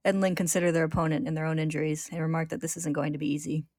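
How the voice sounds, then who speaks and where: Low-voiced woman narrating a story recap. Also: very fast, no echo, clean studio sound. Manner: steady, descriptive.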